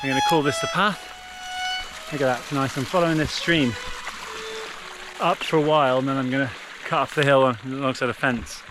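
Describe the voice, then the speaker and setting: A man's voice: medium pitch, steady tone, brisk, music in the background. A British man vlogging as he backpacks alone, chatty and full of exclamations, talking now and then to his dog. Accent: British English. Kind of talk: casual outdoor vlog narration. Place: outdoors on open hillside.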